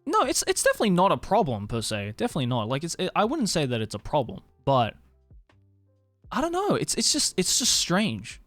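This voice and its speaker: A man's voice: on the high side, huge pitch swings, brisk, a bit bright, no room sound, faint music behind. A man from Australia with an Australian accent, chatting casually with stream viewers, tired, rambling and swearing casually. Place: Tokyo.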